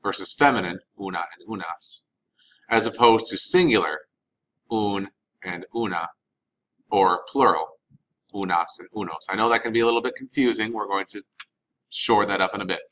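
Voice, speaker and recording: A man's voice: on the low side, moderate pace, pauses often, fairly bright tone, poor audio. A man, recording a Spanish vocabulary lesson as the teacher, patiently saying each word and repeating it for practice.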